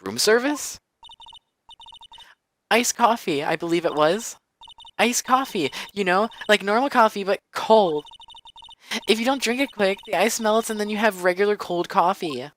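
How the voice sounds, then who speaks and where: Man doing a shrill, whiny witness girl. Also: unhurried, pauses often, fairly bright tone, a little hiss or hum. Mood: chirpy. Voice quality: high, sing-song and whiny.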